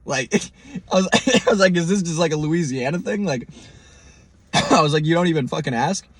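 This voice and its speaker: Husky-voiced man telling a road story. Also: sits high, normal speed, no room sound. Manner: animated, profane, mimics others in quoted lines. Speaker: podcast host. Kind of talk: storytelling monologue.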